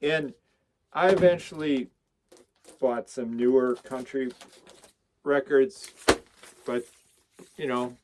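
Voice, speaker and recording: A man's voice: mid-range voice, slow pace, pauses often, darkish tone, slight background noise. Chatty man rambling through his records. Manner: enthusiastic, rambling, lists song titles. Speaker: record collector vlogger. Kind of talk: casual chat showing records.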